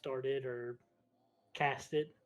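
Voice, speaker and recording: A man playing a tabletop horror game, talking in a hesitant way with frequent pauses. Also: medium pitch. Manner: flat, hesitant, with "um". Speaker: player. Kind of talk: tabletop game role-play.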